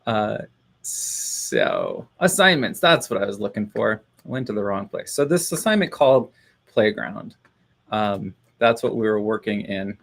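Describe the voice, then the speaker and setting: Gravelly, rambling casual man. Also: lowish voice, wildly swooping pitch, unhurried, fairly bright tone. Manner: rambling, self-encouraging, laughs often. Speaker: live streamer. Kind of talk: casual live stream chat.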